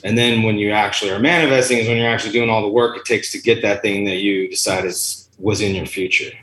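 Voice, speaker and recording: A man's voice: lowish voice, fairly even intonation, fast, a bit bright, reverberant, poor audio. A man and musician talking casually and earnestly in a rambling, philosophical way. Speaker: musician guest. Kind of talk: casual chat.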